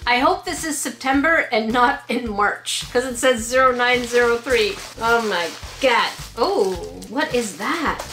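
A young woman from Quebec chatting excitedly to camera as she unboxes fan mail at home. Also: a little high, a little slow, few pauses, slight background noise. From Quebec, Canada. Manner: chatty and excitable, laughs often. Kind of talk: casual chat to camera. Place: room at home. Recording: echoey room.

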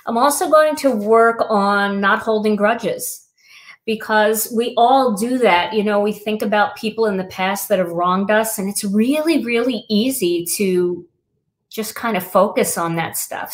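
A woman's voice: medium pitch, fairly bright tone. A middle-aged woman hosting a crafting livestream, talking casually and reflectively with many fillers. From Wisconsin.

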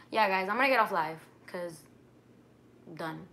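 A woman's voice: medium pitch, a little slow, pauses often, bright, forceful tone, a little hiss or hum. A young woman casually chatting with viewers on a livestream, answering their questions. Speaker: livestream host.

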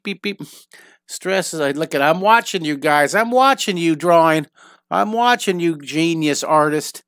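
A man's voice: mid-range voice, fairly bright tone, dry recording, studio quality. A middle-aged man teaching a live online drawing lesson, upbeat and encouraging, thinking aloud with frequent restarts.

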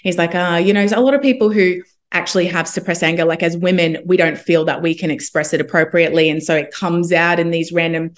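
A young woman, a homeopath guest, telling a personal story in a casual, animated way and acting out what others said. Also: on the low side, quick pace. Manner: animated, quotes others in lively asides.

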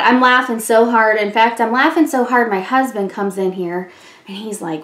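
A chatty middle-aged woman tells a story while she does her makeup at home, laughing often and filling pauses with "um" and "like". Her voice sits fairly high for a woman. The room around her rings with a noticeable echo. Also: fairly even intonation, fairly bright tone. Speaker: beauty vlogger. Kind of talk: casual chat while doing makeup.

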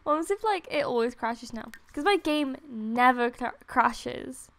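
Tired young woman gushing over her game, high voice, talks slow, giggly and squealy, desk mic. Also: lively intonation, fairly bright tone. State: tired late at night. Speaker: gaming video creator. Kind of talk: casual game commentary. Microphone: desktop USB microphone.

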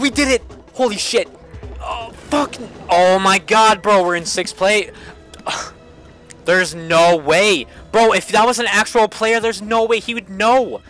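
Young male streamer, bright high voice, game music underneath, cursing, repetitive play-by-play. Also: normal speed. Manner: frustrated, swearing, repeats himself. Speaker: gaming streamer. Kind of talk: live gameplay commentary. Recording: game music playing behind.

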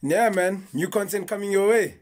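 A man's voice: high voice, moderate pace. A young man, chatting casually as a comedy YouTuber introducing his video. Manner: laid-back, chatty, slangy greetings.

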